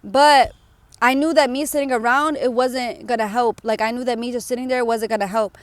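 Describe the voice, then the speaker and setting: A woman's voice: a little high, steady tone, fairly quick, dry recording. Candid young woman telling her story. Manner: candid, emotional, many fillers like "like" and "you know". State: tearful at times. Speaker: vlogger. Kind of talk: personal story time.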